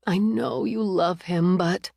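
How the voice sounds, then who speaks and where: A woman's voice: on the low side, fairly even intonation, slow pace, creaky, no echo, exaggerated voice. A woman voicing a loving, protective middle-aged mother who is fiercely indignant on her daughter's behalf, read in an audiobook with a dry, close sound. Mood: soothing. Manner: warm, soothing, indignant.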